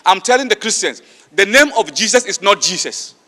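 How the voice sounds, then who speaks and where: Emphatic high-voiced man in a hall. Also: very animated, a little fast, pushed and bright. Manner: emphatic, rhetorical questions. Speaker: debater. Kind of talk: public debate speech. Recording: long hall reverb.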